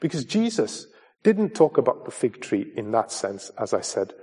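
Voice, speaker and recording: A man's voice: medium pitch, big pitch swings, normal speed, warm tone, slightly rough. A man preaching a sermon, earnest and emphatic, who calls his listeners folks as he presses his point home.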